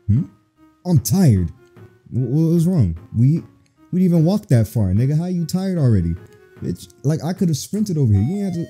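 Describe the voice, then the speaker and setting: A man's voice: a little high, very animated, moderate pace, dark tone, husky, faint music behind. A man playing a horror game on video, reacting with crude, profane jokes. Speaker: gaming video host. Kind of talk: let's play commentary.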